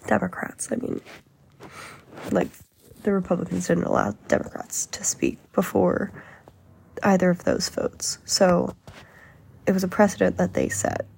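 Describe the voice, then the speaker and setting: A woman's voice: lowish voice, sing-song, a little slow, gravelly, pauses often, darkish tone, a little hiss or hum. A woman hosting a casual podcast, reading an article aloud in a chatty, amused way with frequent fillers. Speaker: podcast host.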